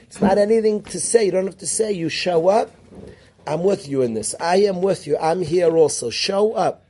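A man teaching a yeshiva class in a lively way, calling on students by name and mixing Hebrew and Yiddish terms into his English. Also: high voice, normal speed, breathy edge. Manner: animated, calls on students by name. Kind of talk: classroom lecture.

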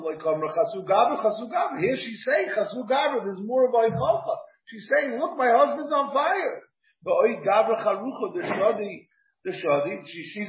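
A man, a rabbi, leading a Talmud class, reading the text aloud and explaining it phrase by phrase. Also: sits high. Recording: dull, echoey room from a distant mic.

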